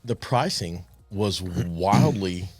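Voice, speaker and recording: A man hosting a podcast, telling animated anecdotes with restarts and chuckles. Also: low voice, slow, slightly rough, dry recording, soft background music. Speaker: podcast host. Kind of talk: casual storytelling chat.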